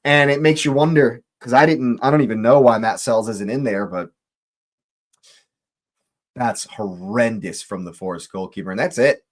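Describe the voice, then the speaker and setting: A man hosting a live football watch-along, reacting to the match in disbelief and repeating his phrases. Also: mid-range voice. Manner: exasperated, repeats phrases, slow deliberate delivery.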